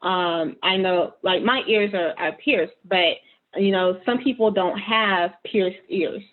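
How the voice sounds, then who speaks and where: Slow-talking woman host on a tinny line. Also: mid-range voice. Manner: measured questions with many fillers. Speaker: host, interviewer. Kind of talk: community online interview.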